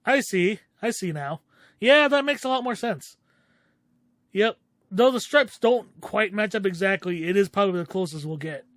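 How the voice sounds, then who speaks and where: A man's voice: sits high, lively intonation, moderate pace, fairly bright tone, no room sound, studio quality. A man streaming a game, chatting casually as he thinks aloud and swears now and then. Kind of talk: casual game playthrough commentary.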